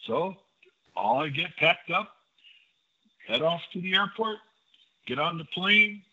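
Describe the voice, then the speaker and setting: An older man recounts stories as an interview guest, slipping into the voices of the people he quotes. His voice sits a little high, with a forceful, edgy brightness and a husky grain. The recording sounds dull and lo-fi. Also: takes it slowly. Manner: animated anecdote-telling, acting out quoted dialogue. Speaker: interview guest, former pitcher. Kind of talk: storytelling in a casual interview. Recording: dull lo-fi audio.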